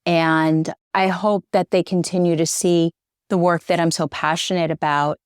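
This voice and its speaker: Middle-aged woman guest, earnest and choked up, lowish voice, dry close sound. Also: flat delivery, moderate pace, clear, resonant tone, no room sound. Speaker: interview guest, divorce journalist. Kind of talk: conversational interview.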